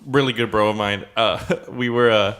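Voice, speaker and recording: A man's voice: lowish voice, fairly even intonation, normal speed, fairly bright tone. A young man, telling a drinking story on a podcast in slangy, swearing, bro-heavy talk. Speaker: podcast co-host. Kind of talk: casual storytelling chat.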